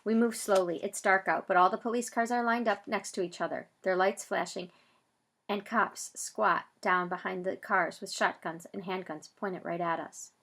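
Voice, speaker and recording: Audiobook narrator, woman, bright and forceful voice, reads in first person and voices the cast. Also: mid-range voice, steady tone, normal speed. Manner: voices characters, loud bursts for shouted lines.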